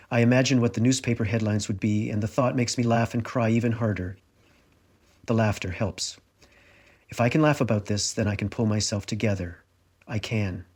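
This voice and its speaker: A man's voice: fairly low pitch, a little mellow, breathy edge. A middle-aged man reading his own memoir aloud in a wry, confessional first-person telling. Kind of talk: audiobook narration.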